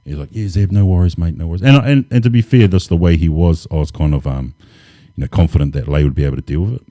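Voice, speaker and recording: A man, relaxed and laid-back, telling stories as an interview guest with lots of casual fillers. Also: extremely low pitch, quick pace, no echo, studio quality. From New Zealand. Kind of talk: casual storytelling.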